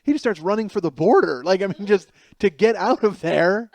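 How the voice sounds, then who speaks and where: Profane, animated comedic podcast host, man. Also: high voice, brisk. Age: middle-aged. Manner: profane, animated, acts out quoted people. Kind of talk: comedic storytelling monologue.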